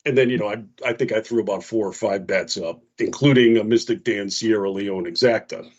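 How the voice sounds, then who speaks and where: A man's voice: lowish voice, brisk, breathy edge, dull audio. A man co-hosting a radio talk show, telling a story in casual chat and acting out what others said in a raised voice. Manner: animated storyteller, acts out quotes in a raised voice.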